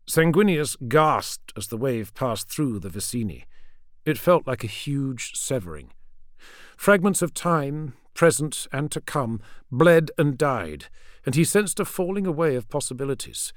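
Dramatic male audiobook narrator, dry sound. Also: no room sound. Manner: dramatic, measured reading with deep drops at sentence ends. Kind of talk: scripted narration.

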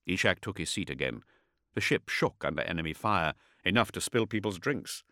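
A man narrating an audiobook story in a steady, expressive storytelling manner. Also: deep voice, normal speed, dry recording, studio quality.

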